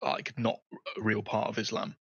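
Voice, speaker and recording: A man co-hosting a casual podcast over a remote call, talking in a relaxed way and hedging a lot with "like". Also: fairly low pitch, normal speed, vocal fry, slightly rough, no room sound, lo-fi sound. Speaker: podcast co-host. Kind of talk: casual discussion.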